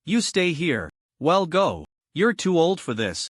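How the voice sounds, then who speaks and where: A calm, aloof young swordsman of great power, read out by a man narrating a recap. He speaks plainly and with little effort. The recording is close and dry. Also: fairly high pitch, takes it slowly, no echo, full character voice. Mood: cold.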